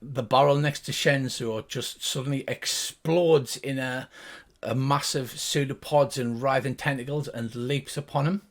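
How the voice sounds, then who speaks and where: A man's voice: mid-range voice, fairly even intonation, measured pace. An older man running a tabletop game as game master, narrating in vivid detail with fillers.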